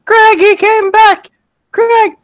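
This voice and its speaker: Gnome mother, older, stout, doting, bossy, pitched far up high and loud, put on by a man. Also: very animated, a little slow, exaggerated voice. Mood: gushing. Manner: shrill, gushing and smothering.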